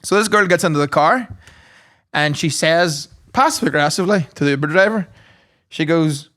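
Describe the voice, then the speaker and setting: A man's voice: a little high, normal speed. A man, co-hosting a podcast in casual chat and telling stories with frequent chuckles. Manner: animated storyteller, chuckles often. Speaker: podcast co-host.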